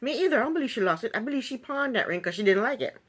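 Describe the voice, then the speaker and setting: A woman's voice: on the high side, expressive, racing, fairly bright tone, breathy edge. A woman talking through a reality TV episode recap in a casual, opinionated way, with many ums. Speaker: recap vlogger.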